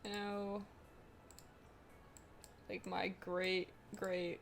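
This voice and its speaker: A woman's voice: medium pitch, steady tone, unhurried, long pauses, a little hiss or hum. A woman from Pennsylvania with a mixed Pennsylvania and Southern US accent, chatting casually and rambling on a drawing live stream, giggling often. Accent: mix of Pennsylvania and US Southern. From Pennsylvania, USA. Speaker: artist streamer.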